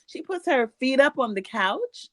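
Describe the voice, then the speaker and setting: A woman's voice: sits high, unhurried, no echo. A woman co-hosting a podcast, recapping a reality show in casual chat and acting out what the cast members say. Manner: animated, acts out cast members' lines. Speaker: podcast co-host.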